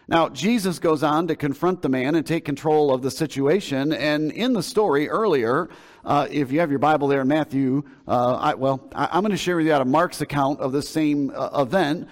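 A male pastor delivering a sermon, retelling a scripture story with emphasis in a conversational preaching manner. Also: fairly high pitch. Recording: long hall reverb.

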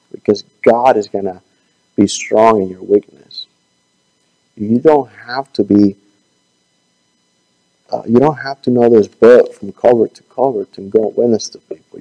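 A man leading a Bible class and closing it with a prayer. He is losing his voice and talks in a halting way, often stumbling over his words. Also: on the low side, mellow, highs cut off.

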